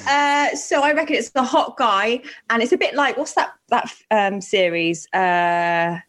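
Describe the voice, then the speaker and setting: A woman's voice: medium pitch, unhurried, fairly bright tone. A woman co-hosting a podcast, teasing and giggly in casual banter. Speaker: podcast co-host.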